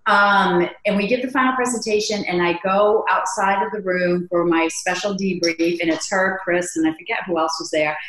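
Woman guest on a podcast, lively storyteller who acts out quotes, recorded in a roomy space. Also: on the low side, moderate pace, few pauses. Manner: animated, acts out quoted dialogue. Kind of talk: conversational storytelling. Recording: echoey room.

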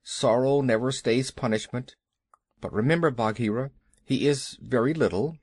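A man voicing a gruff, kindly old male bear in a children's audiobook, low and mumbling. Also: normal speed, dry recording, clean studio sound. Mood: gentle. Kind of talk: audiobook character voice.

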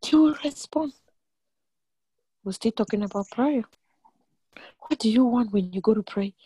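A woman's voice: measured pace, slightly rough, no echo. Emphatic woman preaching a sermon, dry close sound. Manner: animated, emphatic preaching with sudden pitch jumps and repeated lines.

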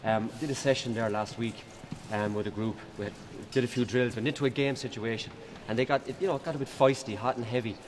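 A man's voice: mid-range voice, fairly even intonation, quick pace, hardly any pauses, in a large hall, a little hiss or hum. A man, a coach at a workshop, asking a casual, somewhat hesitant question.

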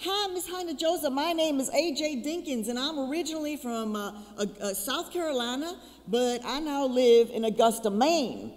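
A polite, eager Southern hairdresser man, as a woman puts him on, speaks in a high voice with a Southern accent. He addresses everyone deferentially, as if on the phone. The sound rings with long hall reverb. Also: animated, normal speed, few pauses. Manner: polite, deferential, says "Miss". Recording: reverberant auditorium.

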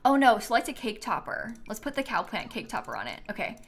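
A woman's voice: medium pitch, very animated, fast talker. A young woman streaming a life-sim game live, chatting casually and rambling with many fillers. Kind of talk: casual gameplay commentary.

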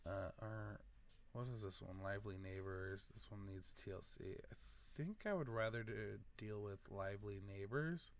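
Low-voiced man thinking aloud over gameplay. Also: normal speed. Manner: rambling, thinking aloud while choosing options. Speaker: gaming video host. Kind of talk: casual let's-play commentary.

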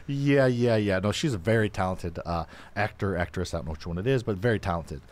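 A man's voice: fairly low pitch, a little fast, a little mellow. A man co-hosting a live podcast, chatting casually and rambling with many fillers and restarts. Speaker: podcast co-host.

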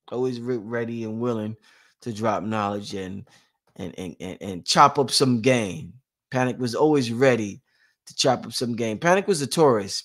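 A man hosting a casual livestream, reading out chat shout-outs and talking informally, often repeating himself and swinging between loud and quiet. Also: mid-range voice. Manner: informal, drawn-out, repeats phrases. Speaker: livestream host.

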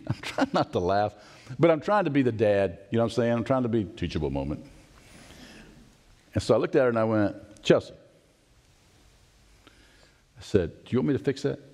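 A man's voice: medium pitch, sing-song, moderate pace, darkish tone. A middle-aged male pastor delivering a sermon, telling a family story and acting out the voices in it. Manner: storytelling preacher, acts out voices and asides.

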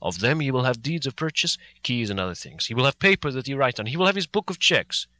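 A man's voice: mid-range voice, lively intonation, quick pace, sharp tone, no echo. A man voicing an old foreign male professor who reasons earnestly in broken, formal phrasing. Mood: grave.

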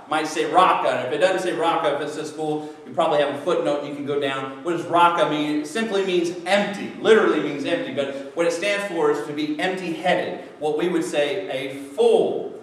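A man preaching a sermon as pastor, conversational and jokey, acting out people's excuses. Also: a little high. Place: church sanctuary. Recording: echoey church hall from far off.

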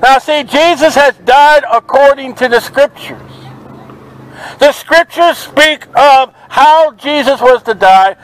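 A man's voice: extremely high pitch, dry recording, poor audio. A man preaching fervently outdoors at a market, quoting scripture in an open-air sermon. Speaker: street preacher.

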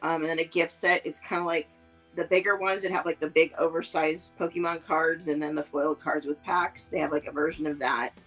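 A woman's voice: low voice, steady tone, a little fast, a bit bright, soft background music, rough recording. A woman co-hosting a casual podcast chat, rambling along with lots of fillers and restarts. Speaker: podcast co-host.

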